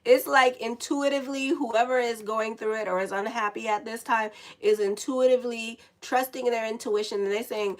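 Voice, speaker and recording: Woman astrologer, sick, slightly high voice, chatty, cussing asides. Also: fairly even intonation, moderate pace, hardly any pauses, low-quality recording. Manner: chatty, swears and laughs at her own asides. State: sick, dry lips. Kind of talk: casual horoscope reading.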